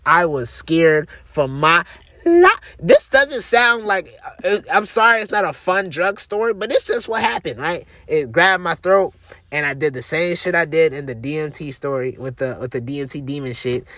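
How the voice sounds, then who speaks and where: A man's voice: fairly high pitch, normal speed, bright, forceful tone, no room sound. A man hosting a podcast, telling a long story in a casual, rambling and profane way with many restarts. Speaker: podcast host.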